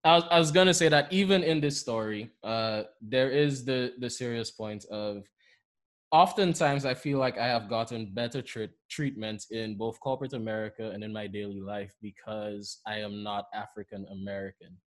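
A man with a Saint Lucian accent, a podcast host telling stories in an animated way, often laughing. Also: lowish voice, normal speed. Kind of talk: conversational storytelling.

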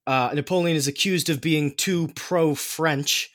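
A man's voice: fairly high pitch, unhurried, a bit bright, dry recording, clean studio sound. A man hosting a podcast, explaining history in casual chat, with many fillers and restarts.

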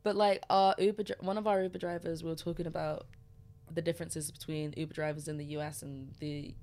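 A woman co-hosting a podcast, chatting casually and telling stories with quick asides. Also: low voice, flat delivery, a little mellow. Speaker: podcast co-host. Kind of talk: casual chat.

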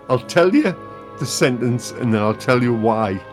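Male co-host, slow, lively delivery, chuckles often. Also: mid-range voice, faint music behind. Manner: slow, animated, laughs often. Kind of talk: casual chat.

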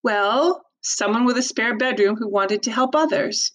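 A woman reading aloud, voicing a tearful, gentle mother who speaks softly and haltingly. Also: on the high side, lightly acted. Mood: tender.

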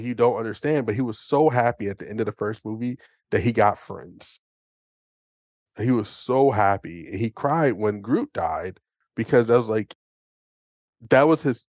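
A man co-hosting a podcast, chatting casually and excitedly about a movie, rambling and acting out lines. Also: on the low side, dry recording, studio quality. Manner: excitable, rambling, acts out quotes. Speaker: podcast co-host. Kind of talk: casual movie review chat.

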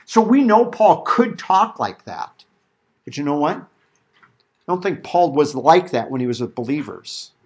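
Lively, animated preacher man. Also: a little high. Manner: animated, acts out quotes. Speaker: pastor. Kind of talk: verse-by-verse sermon.

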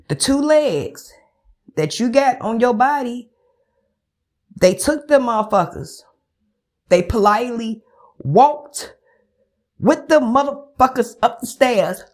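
Animated high-voiced woman podcast host. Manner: animated, swearing, acts out phone calls with friends. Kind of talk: casual profane commentary.

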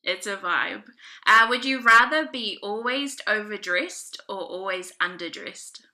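A woman's voice: mid-range voice, a little slow, bright, forceful tone. A woman from New Zealand hosting a podcast, chatting casually and laughing often. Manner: bubbly, laughs often, playful. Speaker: podcast host. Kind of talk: casual interview chat.

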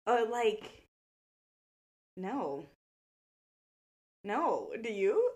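Twenties woman on a podcast, high and bouncy voice, laughing and swearing. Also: very slow. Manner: laughs often, animated, swears. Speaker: podcast co-host. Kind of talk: casual chat.

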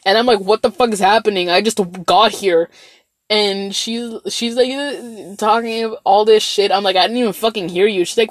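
A woman's voice: mid-range voice, moderate pace, dry recording, clean studio sound. Profane rambling young woman storyteller. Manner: rambling, profane, animated storytelling with many fillers. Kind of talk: casual storytelling vlog.

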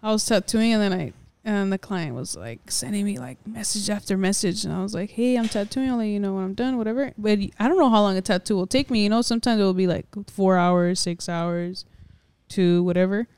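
A woman tattoo artist telling an animated, profanity-laced story in a casual podcast chat. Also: medium pitch, brisk, smooth.

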